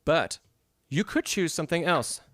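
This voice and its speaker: A man's voice: fairly high pitch, expressive, moderate pace. Man teaching piano on a live stream. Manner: encouraging, explanatory, hums phrases aloud.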